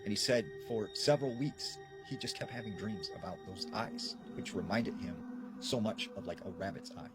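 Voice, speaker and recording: A man's voice: lowish voice, moderate pace. A man telling a paranormal encounter story, acting out the quoted lines of the people in it. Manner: acts out quoted dialogue while retelling. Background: background music.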